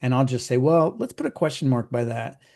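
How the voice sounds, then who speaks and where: A man's voice: mid-range voice, sing-song, creaky, darkish tone. A middle-aged man coaching in casual conversation, chatty and explaining with homely examples. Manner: chatty, acts out clients in quick put-on voices.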